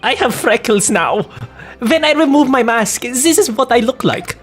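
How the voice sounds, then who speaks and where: Play a smug, boastful little rich boy from a video game, with your voice pitched up and swinging freely across the line. The performer is a woman. Keep it bright and childlike, as if nobody could ever doubt how wonderful you are. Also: expressive, normal speed, faint music behind, close to an everyday voice. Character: rich young noble boy in disguise, boastful. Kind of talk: fan dub of a video game.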